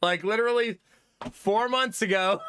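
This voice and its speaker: A man streaming live, chatting casually with his viewers, animated and laughing often, with some swearing. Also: high-pitched, measured pace, slight background noise.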